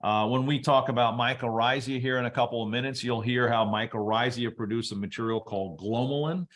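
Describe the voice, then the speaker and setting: A man presenting a webinar, explaining soil biology at a relaxed teaching pace with casual asides. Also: medium pitch, a little fast. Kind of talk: explaining soil science to an audience.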